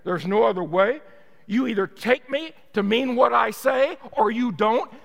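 A man voicing a seasoned male professional hunter who gives calm, firm instructions. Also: very high voice, measured pace, vocal fry, big-room sound, muffled recording, voice pushed up, full character voice.

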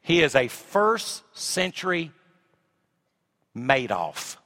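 High, bright-voiced preacher man. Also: sing-song, drawn-out words. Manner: swings from shouting to hushed asides. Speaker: pastor. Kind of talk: sermon.

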